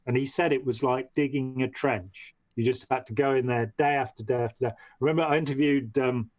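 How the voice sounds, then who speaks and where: A former member of a movement, appearing as a podcast guest, tells a long story in conversation, rambling, restarting and saying "you know" often. His voice sits in the mid-range, and the lo-fi audio is dull and dry.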